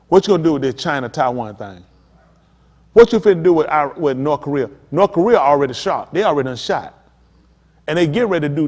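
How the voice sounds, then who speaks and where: A man's voice: a little high, a little mellow. A male pastor preaching a sermon, talking straight to the congregation with emphatic, pressing questions. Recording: long hall reverb.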